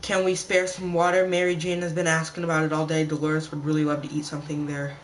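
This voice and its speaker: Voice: medium pitch, completely flat delivery, fast, a little hiss or hum, poor audio. Chatty gamer talking to viewers. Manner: chatty, talks to viewers as "guys" and reads game text aloud. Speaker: gamer playing a survival game. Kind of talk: casual let's-play commentary.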